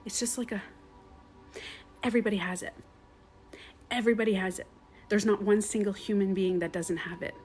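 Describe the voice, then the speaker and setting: A woman meditation coach talking casually on a live stream, rambling and animated with plenty of swearing. Her voice sits at a mid pitch for a woman. Faint music plays behind her. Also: brisk, long pauses, breathy edge.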